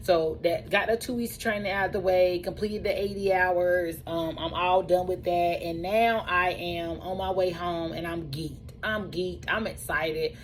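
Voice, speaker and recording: A woman who runs a truck driving school tells her own story in a casual, animated way, repeating phrases for emphasis. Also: fairly low pitch, a little slow, few pauses, faint music behind, poor audio.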